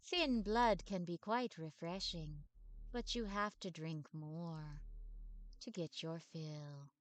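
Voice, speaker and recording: A woman voicing a sorrowful female vampire ghost who speaks slowly and formally, in a game playthrough. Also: lowish voice. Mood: solemn. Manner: slow, solemn and formal.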